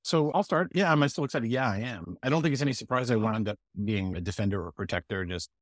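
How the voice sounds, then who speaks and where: A man in his fifties from Canada, a guest speaking quickly and joking about himself in casual podcast talk. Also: mid-range voice, animated, dry recording, studio quality. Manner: quick, joking, self-deprecating.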